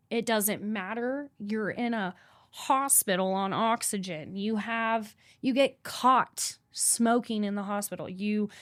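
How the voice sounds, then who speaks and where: A woman's voice: medium pitch, dry recording. Young woman, podcast guest, blunt, swears a lot, repeats for emphasis, dry sound. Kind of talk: candid personal storytelling.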